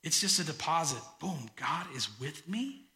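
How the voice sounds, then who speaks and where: Bright-voiced male pastor preaching. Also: on the high side, sing-song. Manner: emphatic, slows down to stress key phrases. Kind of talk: sermon. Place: church sanctuary. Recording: church hall reverb.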